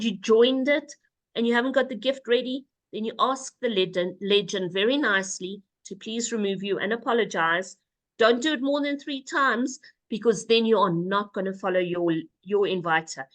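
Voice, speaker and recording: A woman walks listeners through the rules on a video call. She is brisk and instructive, and drops in playful asides. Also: on the high side. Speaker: presenter. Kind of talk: casual webinar presentation.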